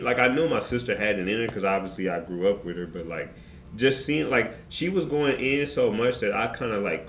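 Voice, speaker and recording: A man streamer telling a story in casual, slangy, animated fashion. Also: on the low side. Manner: animated, slangy, excitable retelling. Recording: roomy with faint background noise.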